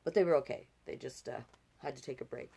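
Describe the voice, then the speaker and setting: A woman's voice: extremely low pitch, fast talker, creaky, dark tone, slightly rough. A woman from Canada reading a picture book aloud as storytime host, with chatty asides and playful sound effects.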